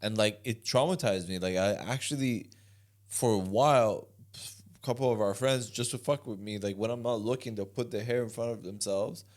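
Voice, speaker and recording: A young man co-hosting a podcast, talking in a laid-back, drawn-out way in casual chat. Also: lowish voice, darkish tone. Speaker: podcast co-host.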